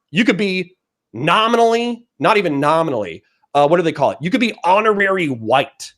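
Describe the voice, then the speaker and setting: A man arguing as a guest in a heated political debate, forceful, combative and profane. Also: on the high side.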